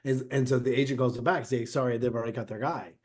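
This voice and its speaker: Animated storytelling man. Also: mid-range voice, quick pace. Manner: animated anecdote-telling with acted-out quotes. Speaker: interview guest, actor. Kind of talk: casual storytelling interview.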